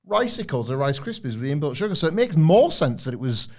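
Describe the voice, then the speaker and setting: A young man co-hosting a casual wrestling review podcast. He talks in an animated way and acts out wrestlers' lines in put-on voices. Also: fairly high pitch, fast talker. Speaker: podcast co-host.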